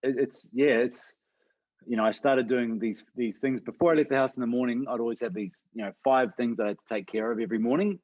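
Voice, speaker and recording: A man's voice: mid-range voice, fairly even intonation, fast, darkish tone, dry recording, muffled recording. A man who works as a fitness coach, co-hosting a podcast in casual chat, earnest and emphatic.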